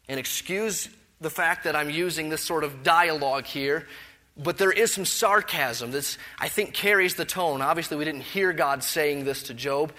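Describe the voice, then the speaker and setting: Male preacher, bright and fairly high voice, emphatic expository sermon style, swings between loud rhetorical questions and quiet reflection. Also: normal speed. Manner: drops to soft reflective tone.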